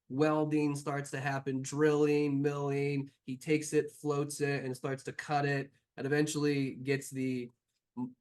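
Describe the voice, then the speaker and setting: A man narrating as game master of a tabletop game, in loose, rambling description full of fillers. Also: medium pitch.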